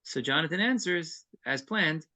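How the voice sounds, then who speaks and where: A man's voice: fairly high pitch, animated, measured pace, bright, forceful tone. A man teaching an evening text-study class, reading Hebrew verses and then explaining them earnestly. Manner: earnest and explanatory, with brief chuckles.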